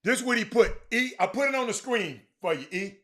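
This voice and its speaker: A man's voice: high-pitched, lively intonation, brisk, pushed and bright. A middle-aged man hosts a casual sports talk stream, reading viewer comments aloud and often dropping to a mutter. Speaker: sports talk show host.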